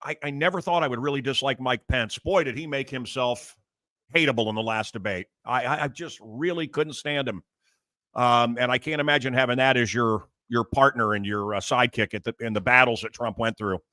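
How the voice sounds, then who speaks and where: A man's voice: mid-range voice, brisk, pushed and bright, dry recording, studio quality. A man hosting a talk show, chatting casually in a rambling, emphatic way with many restarts. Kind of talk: casual interview chat.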